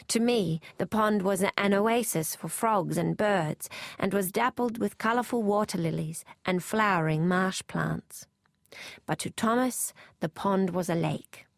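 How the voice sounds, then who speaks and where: A woman narrating a novel aloud in first person, in a measured, even manner. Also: medium pitch, creaky, no echo, studio quality. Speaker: audiobook narrator.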